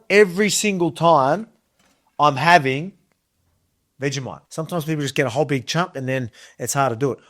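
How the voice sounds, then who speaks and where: A man in his thirties with an Australian accent, chatting casually through a kitchen cooking demo in a rambling, enthusiastic way. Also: mid-range voice. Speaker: cooking video host.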